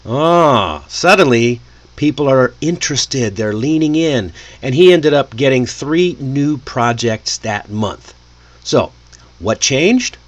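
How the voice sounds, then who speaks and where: A man teaching English in a lively, friendly way, often chuckling to himself. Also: mid-range voice, takes it slowly. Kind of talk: casual lesson delivery.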